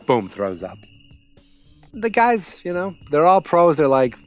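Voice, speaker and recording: A man's voice: medium pitch, unhurried, muffled recording, soft background music. A man hosting a podcast, recapping a TV episode in a casual, sarcastic way with lots of fillers. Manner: chatty, sarcastic, lots of fillers and quoted voices. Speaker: podcast host.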